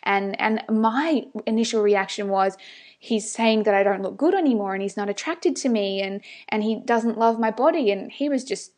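A woman's voice: on the high side, normal speed, a little mellow. A woman hosting a conversational interview, encouraging and reflective as she shares her own experience. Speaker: podcast host.

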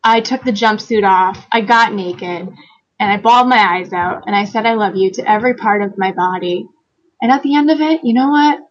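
A woman guest telling a personal story in a conversational interview, animated, laughing often and acting out quoted lines. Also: medium pitch, normal speed, highs cut off. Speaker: guest author.

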